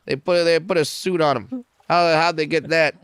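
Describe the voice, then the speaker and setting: A man in his forties tells stories with a very smooth, resonant voice, cracking profane, self-mocking jokes as a podcast guest. The sound is dry and close in a small studio. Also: on the high side, steady tone, normal speed, fairly bright tone, dry recording. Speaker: comedian guest. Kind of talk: casual podcast storytelling.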